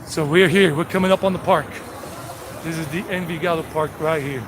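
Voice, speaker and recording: A man's voice: a little high, steady tone, fairly quick. A man giving a casual walking tour on a live stream, chatty and full of joking asides, outdoors in town streets. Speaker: travel vlogger. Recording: noisy street with traffic. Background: street noise and vehicles.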